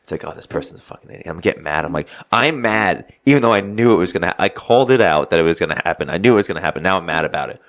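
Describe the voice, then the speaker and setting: A man's voice: sits low, lively intonation, rapid-fire, hardly any pauses, a bit bright. A man co-hosting a casual podcast, ranting bluntly and swearing freely. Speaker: podcast co-host.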